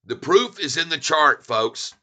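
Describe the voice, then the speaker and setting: Bright-voiced excited stock chart commentator. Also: male voice, a little high, unhurried. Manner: excited, folksy, repeats himself for emphasis.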